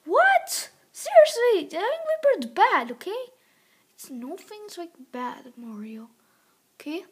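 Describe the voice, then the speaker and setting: A woman voicing an excitable little plumber hero in homemade toy play, breaking into shrieking bursts. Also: very high voice, slow, full character voice. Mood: insistent. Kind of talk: toy play with character voices.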